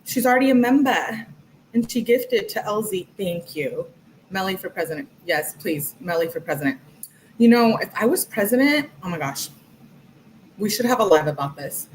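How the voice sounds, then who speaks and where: A talkative woman hosts a casual livestream and reads text messages aloud. She rambles between them and thanks her viewers as she goes. Her voice sits at an ordinary pitch for a woman, with a faint hum of noise in the background. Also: animated, moderate pace, low-quality recording. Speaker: livestream host.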